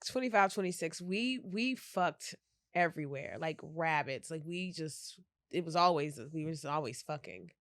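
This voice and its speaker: A woman in her thirties, a guest on a dating podcast, telling stories in a candid, animated way and acting out what people said. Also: low voice, moderate pace, no room sound. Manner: animated, laughs often, acts out quotes. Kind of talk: casual chat.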